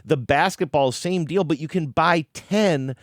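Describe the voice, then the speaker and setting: A man's voice: fairly high pitch, a little slow, no echo, studio quality. A man co-hosting a podcast, bantering in a wry, teasing way in casual chat. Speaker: podcast co-host.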